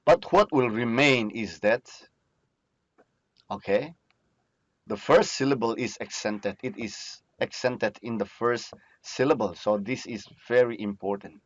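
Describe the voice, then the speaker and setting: Male lecturer, unhurried, repetitive, dry muffled recording. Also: medium pitch, no echo. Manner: repetitive, checks in with "okay?". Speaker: teacher.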